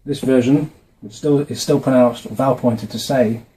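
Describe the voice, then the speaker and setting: A man talking casually to camera from his notes, often pausing with fillers and restarting his words. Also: mid-range voice, steady tone, dark tone, slight background noise, poor audio. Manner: hesitant, with frequent fillers and restarts. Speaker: video maker explaining a religious topic. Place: indoors, dim room. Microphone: camera mic, facing camera.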